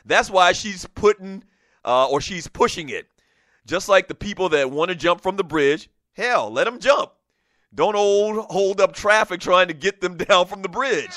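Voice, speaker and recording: Bright-voiced, animated sports talk host. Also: male voice, high-pitched, measured pace, dry recording, clean studio sound. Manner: animated, laughs often, reads listener messages aloud. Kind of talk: casual sports talk radio chat.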